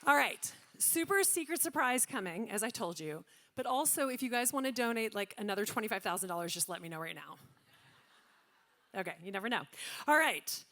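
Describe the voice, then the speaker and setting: High bright woman calling a charity auction. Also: animated. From Louisiana, US. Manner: rapid number-calling with joking asides. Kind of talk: live paddle-raise auction calling. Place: large banquet hall.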